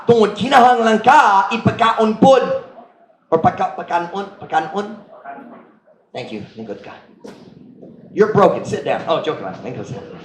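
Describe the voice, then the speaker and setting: A male pastor preaches in a fairly high voice, moving between English and Cebuano as he calls people up to act out his points. The sound rings around a reverberant church room, with a faint ambient hum behind him. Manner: switches between English and Cebuano, animated with stage demonstrations. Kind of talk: sermon.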